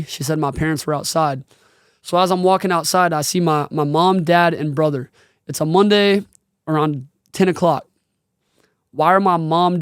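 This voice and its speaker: Man in his twenties, podcast host; slightly high, smooth voice, earnest and casual with slang, choked up at times. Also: no room sound, studio quality. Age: 20s. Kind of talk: personal storytelling.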